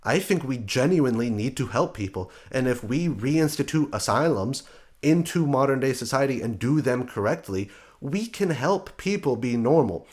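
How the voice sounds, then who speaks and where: A man's voice: mid-range voice, expressive, normal speed, darkish tone. A man hosting a show, delivering a blunt, sarcastic opinion monologue. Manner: blunt, sarcastic, mocking quoted voices. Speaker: podcast host.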